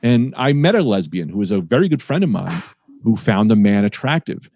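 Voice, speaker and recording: A man's voice: lowish voice, very animated, fairly quick, a little mellow, slight background noise. A man, a stand-up comedian, talking casually on a podcast and playing with sing-song inflections.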